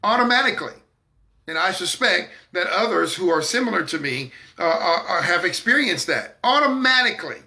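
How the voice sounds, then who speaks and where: A man's voice: sits high, very animated, normal speed, hardly any pauses, bright, forceful tone. A man hosting a talk broadcast in a preaching-style manner, speaking emphatically and with confidence, repeating words to drive his points home. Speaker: broadcast host.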